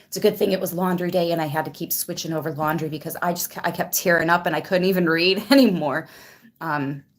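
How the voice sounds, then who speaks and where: A woman hosting a tarot channel, chatting casually on a livestream while near tears, emotional and grateful as she greets viewers by name. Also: low-pitched. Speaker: tarot reader and channel host.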